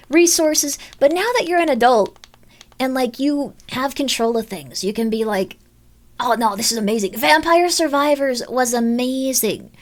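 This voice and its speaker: Woman streamer just chatting, kinda high voice, rambly, lots of likes, goes squeaky when she quotes stuff. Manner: rambling, upbeat, lots of fillers and restarts. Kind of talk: casual chat with viewers.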